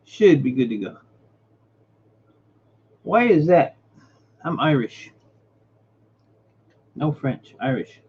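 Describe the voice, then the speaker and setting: This livestream host has a mid-range, sing-song voice that's slightly rough and darkish, speaking slowly with long pauses. He greets viewers by name and mutters while fixing his setup, and the highs are cut off in the audio.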